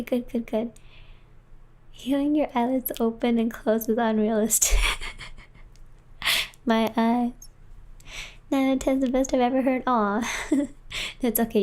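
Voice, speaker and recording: Playful woman streamer, quiet whispered role-play, a bit high, right up on the mic. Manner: soft, playful, giggly.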